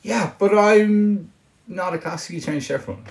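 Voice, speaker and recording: A man's voice: sits high, normal speed, vocal fry, darkish tone. A man co-hosting a podcast, blunt and sweary in casual banter with friends. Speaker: podcast co-host.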